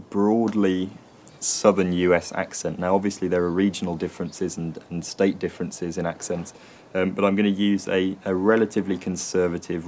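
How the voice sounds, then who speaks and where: A man hosting an educational channel, explaining in a hesitant way with many pauses, fillers and restarts. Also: sits low, a little mellow, slight background noise. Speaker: channel host explaining accents. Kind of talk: educational talk to camera.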